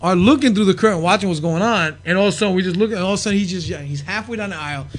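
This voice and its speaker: A man's voice: sits high, rapid-fire, a little hiss or hum. A man casually telling profane backstage stories as a podcast guest, laughing and acting out the people he quotes. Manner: profane, animated, laughing, acts out quoted voices. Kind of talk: casual storytelling.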